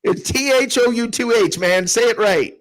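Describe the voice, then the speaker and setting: A man with a fairly high voice co-hosts a sports talk show. He rants in a sarcastic, animated way and slips into mocking impressions of smug fans. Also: moderate pace. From Tampa. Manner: animated, sarcastic, mocks others in a calm put-on voice. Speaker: co-host.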